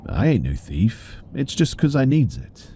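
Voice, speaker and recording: A man voicing an unhinged woman passenger in a horror story, eerily soft and sing-song. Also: mid-range voice, sing-song, a little slow, a little hiss or hum, voice pushed up. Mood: agitated.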